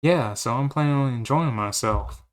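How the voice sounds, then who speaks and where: A man's voice: medium pitch, normal speed, close to an everyday voice. A man voicing a carefree, lazy young male cowboy in a fan-dubbed game, laid-back and easygoing.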